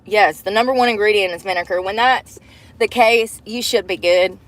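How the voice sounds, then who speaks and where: A woman's voice: mid-range voice, normal speed. A woman live-streaming from inside her car on a phone camera, chatting to viewers in a casual, profane way. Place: inside a parked car at a drive-thru.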